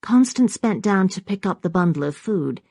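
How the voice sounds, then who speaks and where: A woman narrating an audiobook in a measured, even reading on a close studio mic. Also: mid-range voice, gravelly, no echo. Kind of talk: scripted narration.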